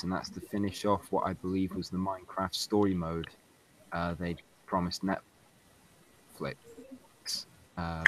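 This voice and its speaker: A man's voice: sits low, noisy background. A man co-hosting a casual group podcast over voice chat, rambling through an explanation with many fillers. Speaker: podcast co-host.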